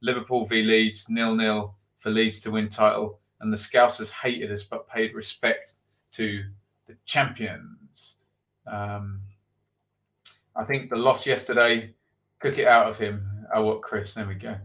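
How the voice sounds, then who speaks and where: His voice is fairly low and a bit bright, level in tone and a little slow. The middle-aged football channel host works through viewer comments on a live stream, thinking aloud with plenty of ums.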